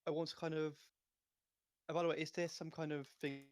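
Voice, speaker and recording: A man's voice: fairly high pitch, little pitch movement, brisk, a little mellow, clear, resonant tone, no echo, studio quality. A man playing a tabletop game, hesitant with many fillers. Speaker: player.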